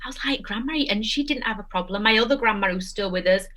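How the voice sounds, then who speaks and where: A young adult woman, a guest telling a personal story in casual chat, animated and emotional. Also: medium pitch, fast.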